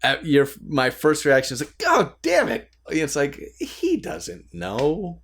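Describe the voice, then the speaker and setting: A man's voice: on the high side, sing-song, slow pace. A man co-hosting a casual podcast as a new father, talking candidly with jokes, frequent laughs and some swearing, recorded at his desk at home. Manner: candid, joking, laughs often, mild swearing.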